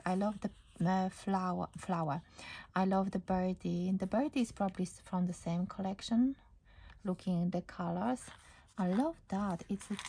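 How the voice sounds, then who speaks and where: A woman's voice: lowish voice, dark tone. A woman hosting her craft channel, chatting casually and gushing about a handmade card she received. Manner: gushing, repeats "I love". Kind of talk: casual chat opening mail.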